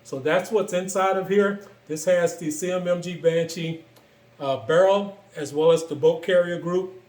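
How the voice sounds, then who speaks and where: A man casually walking through the parts of his build, relaxed and enthusiastic, with frequent fillers. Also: high-pitched, normal speed, reverberant. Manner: relaxed, filler-heavy, enthusiastic about gear. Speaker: gun build reviewer. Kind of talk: casual show-and-tell walkthrough.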